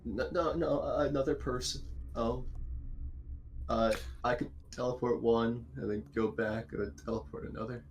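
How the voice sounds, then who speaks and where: A tabletop game player who talks in a halting, stammering way. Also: medium pitch, steady tone, a little mellow, lo-fi sound, a little hiss or hum. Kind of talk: casual tabletop play.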